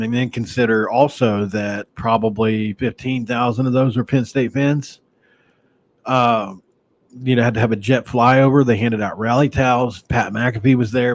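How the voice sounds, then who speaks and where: A man from West Virginia hosting a casual sports podcast, rambling conversationally with sighs and restarts. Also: mid-range voice. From Mingo County, West Virginia, USA.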